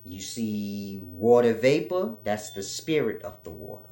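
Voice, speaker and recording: A man giving an informal spiritual teaching, slow and repetitive, spelling out letters for emphasis. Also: on the low side, very animated, dark tone. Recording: roomy echo.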